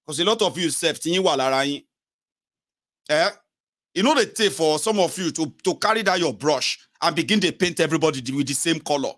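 A man with a Nigerian accent gives casual political commentary, mixing English with Pidgin and Yoruba and breaking into animated mimicry. His voice is on the high side and brisk. The recording is dry with clean studio sound.

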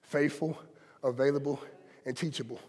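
A man's voice: mid-range voice, steady tone, moderate pace, a little mellow, husky, long reverb tail. A man preaching a sermon as pastor, impassioned and conversational, with colloquial asides to his congregation. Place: church sanctuary.

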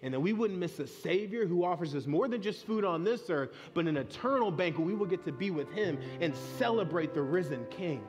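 A man's voice: high voice, expressive, brisk, hardly any pauses, over music. A man in his thirties, a pastor preaching a sermon in a church, speaking in an earnest, conversational way and weaving in personal stories. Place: church sanctuary.

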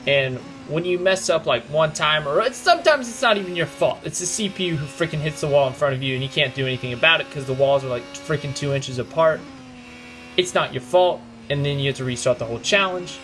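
A young man commentating his own racing game run, frustrated and ranting in quick outbursts. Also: on the high side, a bit bright. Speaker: gaming commentator. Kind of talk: live gameplay commentary.

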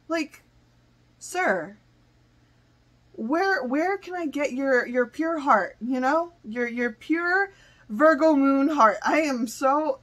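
A woman's voice: high voice, slow pace. Gushing young woman reacting to a song. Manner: excitable, gushing, exclaims and repeats herself. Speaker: music reaction host. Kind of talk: reacting to music. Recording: song playing in the background.

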